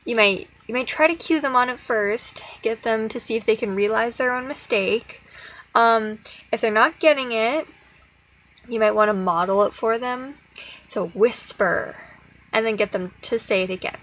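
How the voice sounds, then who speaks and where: A woman explaining speech therapy activities in a casual, encouraging way. She slows into a sing-song when she models phrases. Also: a little high, fairly bright tone. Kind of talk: instructional explanation with modeled child-directed prompts. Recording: slightly dull audio with faint noise.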